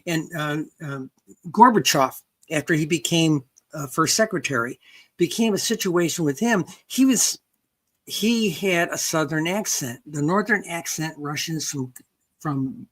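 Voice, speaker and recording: An older woman, a researcher and author, appears as a guest in a casual interview and rambles, restarting often and checking in with "okay." Her low voice has lively intonation and an unhurried pace.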